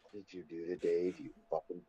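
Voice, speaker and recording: A man's voice: flat delivery, a little fast, dark tone, husky. A man co-hosting a podcast, trading crude improvised comedy banter in a blunt, insulting way. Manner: blunt, insulting, swinging pitch. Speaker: podcast co-host. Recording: dull lo-fi audio.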